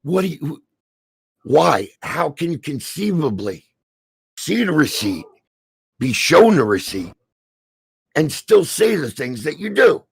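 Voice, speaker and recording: Gravelly, furious New Jersey man ranting. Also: on the high side, sing-song, slow, pauses often, dry recording. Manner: profane, heated, stammering rant. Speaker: stream co-host. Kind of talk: angry ranting commentary.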